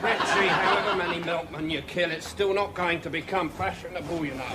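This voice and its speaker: A man's voice: sits high, steady tone, fairly quick, a loud crowd, very noisy, close to an everyday voice. An actor with a British accent playing a sarcastic, scheming male agent in a studio sitcom, heard over a live audience. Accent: British English.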